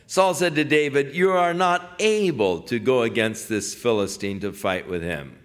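A man preaching a sermon, retelling a Bible story in a folksy, animated way and mixing scripture with casual paraphrase. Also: mid-range voice, moderate pace.

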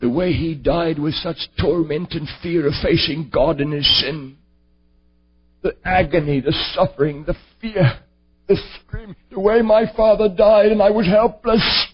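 Defiant grieving father, low husky voice, played by a male preacher, lo-fi. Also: steady tone, a little slow. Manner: intense, defiant. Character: fervent middle-aged father, grieving and determined. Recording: dull lo-fi recording.

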